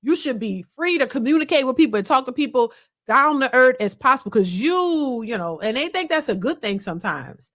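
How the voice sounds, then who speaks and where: Opinionated woman host, lively pitch. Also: fairly quick. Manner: blunt, opinionated, repeats herself. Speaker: reaction channel host. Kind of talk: casual commentary on a clip.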